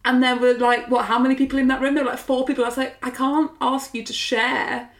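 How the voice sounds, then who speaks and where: A young woman, a podcast co-host, retelling awkward moments in quick, gushing casual chat. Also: high-pitched, flat delivery. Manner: fast, gushing, exaggerated retelling. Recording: roomy echo.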